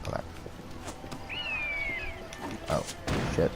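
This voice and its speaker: Over loud music, a man talks very slowly while commenting casually on a game. His remarks wander, stumble through fillers and restarts, and turn to swearing when things go wrong.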